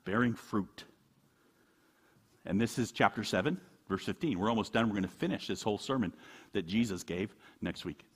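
A middle-aged man, a pastor, preaching a sermon in a church in a conversational, animated way, full of rhetorical questions. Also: on the low side, normal speed, long pauses, slightly rough.

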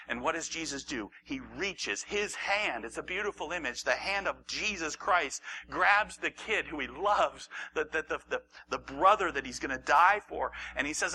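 A man preaching a sermon, acting out the story and swinging from raised, animated lines to hushed near-whispers. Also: a little high, normal speed, slightly rough, poor audio. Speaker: pastor.

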